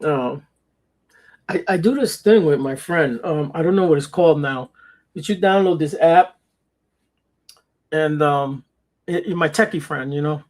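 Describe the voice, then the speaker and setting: A man's voice: fairly high pitch, unhurried, pauses often, darkish tone. A man in a casual chat who laughs often and swears casually as he talks.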